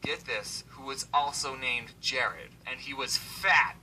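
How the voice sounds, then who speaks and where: A young man telling comic stories in an animated, sarcastic way, sometimes putting on voices for the people in them. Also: mid-range voice, slow, slight background noise, poor audio. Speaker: animated storyteller. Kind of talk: comedic storytelling to the camera. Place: Arizona.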